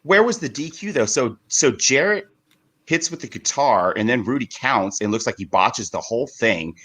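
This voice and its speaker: A man co-hosting a podcast in casual chat, quick to react and incredulous. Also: mid-range voice, expressive, fairly bright tone, breathy edge.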